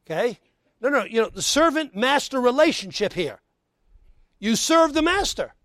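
A male pastor delivers a sermon, then leads a closing prayer and altar call, moving between loud emphasis and hushed tones and dropping folksy asides between scripture readings. His voice is very high-pitched with big pitch swings, at normal speed and with no echo.

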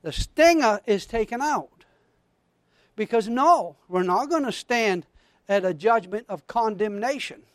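High-pitched fervent preacher man. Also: unhurried, dry recording, clean studio sound. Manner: fervent, calls out to the congregation; preaches from scripture with rising excitement. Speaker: pastor. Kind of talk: sermon.

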